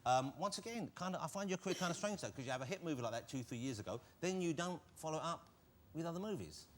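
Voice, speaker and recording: A man hosting a chat show, teasing his guests with playful, quick jokes. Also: on the high side, expressive. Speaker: talk show host. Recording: studio with live audience laughter and noise.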